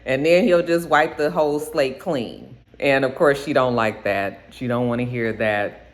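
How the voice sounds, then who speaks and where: A woman recaps a TV episode in a casual, talkative way. She tells the story as if chatting with friends and keeps slipping into quick voices for the characters. Her delivery stays loose and animated. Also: rumbling low. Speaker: TV episode reviewer.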